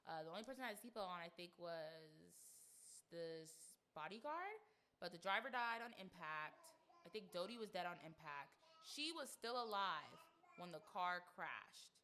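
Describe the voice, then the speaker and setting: A woman in her twenties hosting a podcast, chatting casually in an animated, slangy way and swearing freely. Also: on the low side, moderate pace. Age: 20s. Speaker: podcast host. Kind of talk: casual chat.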